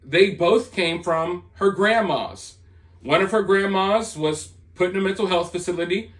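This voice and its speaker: A man's voice: high voice, unhurried, a bit bright. A man hosting a commentary channel, delivering a sarcastic, dismissive and rambling opinion monologue.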